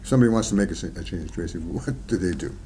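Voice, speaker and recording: A man hosting a podcast who speaks quickly with a lively, mellow voice. He asks brief questions and halts and restarts as he speaks, with a faint hiss in the background. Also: low voice. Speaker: podcast host. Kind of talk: podcast interview.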